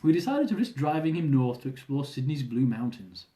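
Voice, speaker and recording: Reading his travel memoir a little fast, this medium-pitched man keeps a lively, amused storytelling tone and chuckles often. The recording has an echoey room sound.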